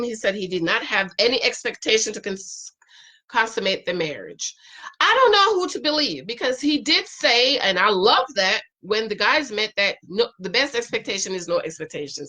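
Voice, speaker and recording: A middle-aged woman chatting casually as she recaps a reality show, animated and acting out what others say. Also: mid-range voice.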